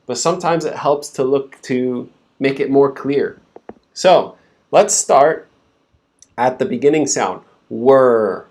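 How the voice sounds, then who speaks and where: A man's voice: mid-range voice, slow, darkish tone. A man teaching English pronunciation in a live stream, patiently breaking words into sounds and repeating them for learners to copy.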